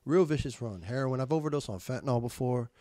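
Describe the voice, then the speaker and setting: A man's voice: mid-range voice, animated, fast talker, dark tone, dry recording, studio quality. A young adult man telling his recovery story as a podcast guest, emphatic and slangy, repeating words and quoting himself. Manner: swearing street slang. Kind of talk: candid recovery story in conversation.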